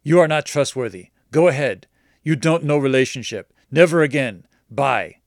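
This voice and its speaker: A man's voice: on the high side, animated, measured pace, no echo, studio quality. A man voicing a pushy, curt male buyer who speaks broken English in short clipped phrases.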